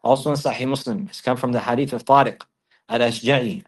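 A man's voice: medium pitch, fairly even intonation, fairly quick, breathy edge. A man teaching a religious lesson, who recites in Arabic and then explains in English, repeating key phrases for emphasis. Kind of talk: Islamic lesson, explaining texts.

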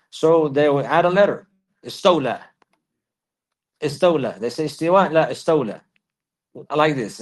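A man giving a religious lesson, repeating key phrases for emphasis and reciting Arabic verses quickly. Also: on the high side, darkish tone, low-quality recording. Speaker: Islamic teacher.

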